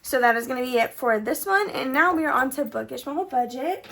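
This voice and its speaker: A woman's voice: high-pitched, lively intonation, brisk, a bit bright. A young woman casually vlogging her savings challenges, chatty and full of fillers, her sentences trailing up at the end. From Texas. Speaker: budgeting vlogger.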